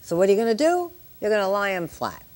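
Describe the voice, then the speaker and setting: An older woman in her sixties leads a live exam-prep lecture for nurses. She teaches with a steady stream of jokes and chatty asides to the class. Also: medium pitch, quick pace. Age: 60s. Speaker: nurse educator.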